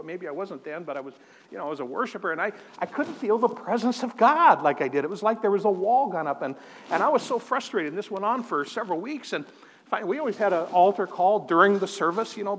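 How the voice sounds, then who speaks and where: A man's voice: high-pitched, a bit bright, slight background noise. A man preaching a sermon, telling a personal testimony in an earnest way and often repeating words as he starts a phrase. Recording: long hall reverb.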